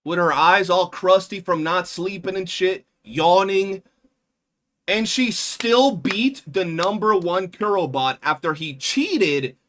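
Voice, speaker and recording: A man streaming live, telling stories in a casual, animated and profane way. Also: high voice, slow pace. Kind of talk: casual livestream chat.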